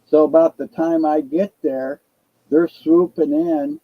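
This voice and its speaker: A man's voice: a little high, fairly even intonation, a little slow, dry recording, dull audio. An older man telling a long casual story, profane and rambling. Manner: profane, rambling, laid-back.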